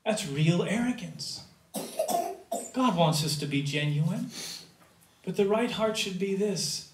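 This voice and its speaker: Male pastor, fairly high voice, slow deliberate sermon delivery with loud bursts and hushed drops; recorded from a distance in an echoey sanctuary. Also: lively intonation. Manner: preaching with sudden loud rises and quiet drops. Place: church sanctuary.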